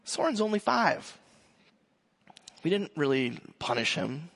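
A male pastor in his thirties giving a sermon, joking and telling a lively family story. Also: a little high, measured pace, gravelly.

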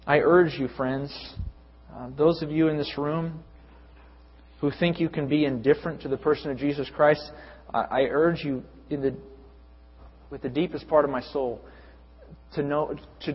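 Husky preacher in an echoey hall. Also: male voice, a little high, fairly even intonation, normal speed, pauses often. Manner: rising to emphatic, lengthy repeated lists. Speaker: pastor. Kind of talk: sermon. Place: church hall. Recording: echoey hall, dull lo-fi sound.

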